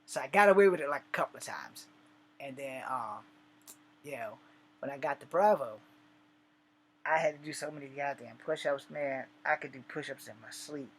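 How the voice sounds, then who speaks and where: A man's voice: medium pitch, moderate pace, slight background noise. A man casually telling an army story in a loose, profane, laid-back way.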